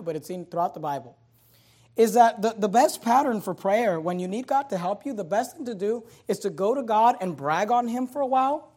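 A man preaching a sermon who swings between loud, emphatic passages and quiet asides, putting scripture into casual everyday words. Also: sits high. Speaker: pastor.

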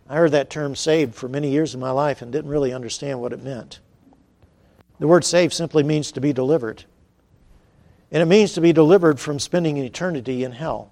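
Male preacher, fairly high voice, animated storyteller who shouts the key moments. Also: a little fast. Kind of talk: sermon.

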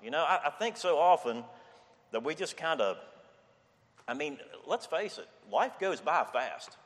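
60-year-old preacher in a reverberant hall. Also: male voice, fairly high pitch, big pitch swings, unhurried, a bit bright. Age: 60s. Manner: conversational, repeats "okay?" and "I mean". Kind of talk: sermon.

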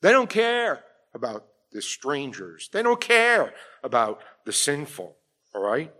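A man's voice: fairly high pitch, big pitch swings, unhurried, bright, forceful tone. A middle-aged man preaching a sermon, emphatic, often checking in with his listeners with "all right?". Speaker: pastor.

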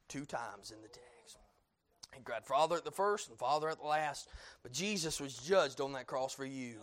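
Male preacher, high voice, sermon delivery, hushed lows and shouted peaks, amens throughout. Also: expressive, normal speed. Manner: swings from hushed low lines to loud shouted peaks; frequent "amen" and "uh" fillers.

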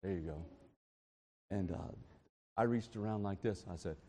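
A man preaching a sermon in an informal, animated storytelling way from a church sanctuary. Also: deep voice, moderate pace. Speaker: pastor. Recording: long reverb of a large hall.

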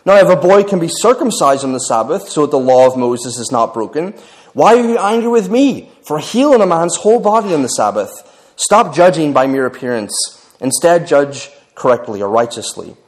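A man voicing Jesus as a calm, earnest male teacher while reading scripture aloud, in a measured way. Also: a little high, natural voice. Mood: pleading.

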